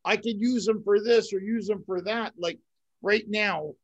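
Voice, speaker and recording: A man hosting a podcast in casual chat, relaxed and rambling, often repeating words. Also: high voice, a little slow, lo-fi sound. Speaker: podcast host.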